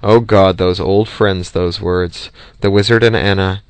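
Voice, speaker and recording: A man reading an audiobook in a steady, measured way, close to the mic. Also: sits low, clear, resonant tone, no echo. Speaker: audiobook reader. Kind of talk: audiobook narration.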